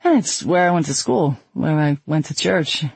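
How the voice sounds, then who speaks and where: A man's voice: a little high, animated, normal speed, gravelly, slightly rough, no room sound, heavily acted. A man voicing a homesick, talkative young man with a Bronx accent. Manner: eager, chatty and nostalgic.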